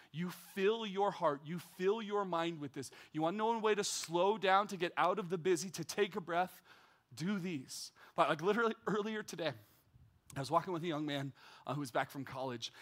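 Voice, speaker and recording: High, bright-voiced male preacher. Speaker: pastor. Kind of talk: sermon. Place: church.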